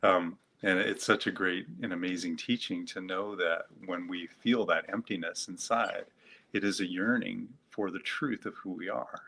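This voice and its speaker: Soft-spoken man asking reflective questions. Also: low voice, steady tone, moderate pace, gravelly, breathy edge. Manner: gentle, asks himself questions, many fillers. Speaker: guest psychotherapist. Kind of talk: reflective interview talk.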